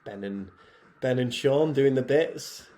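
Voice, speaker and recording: A man, head programmer and athlete, talking casually over his own workout footage in a relaxed, chatty way with many fillers. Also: mid-range voice, takes it slowly, faint music behind.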